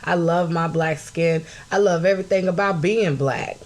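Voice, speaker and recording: A woman's voice: on the low side, normal speed. A woman hosting her own podcast, talking bluntly and angrily, swearing freely and greeting viewers as she goes. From United States. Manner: angry, blunt, swears, rises to shouting; greets live chat viewers mid-talk. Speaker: podcast host. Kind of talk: impassioned solo podcast talk.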